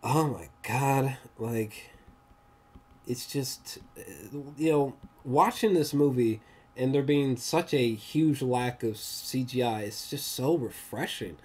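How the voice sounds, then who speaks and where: A man giving a casual, rambling movie review, excitable and slangy, often laughing. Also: medium pitch, slow pace, husky.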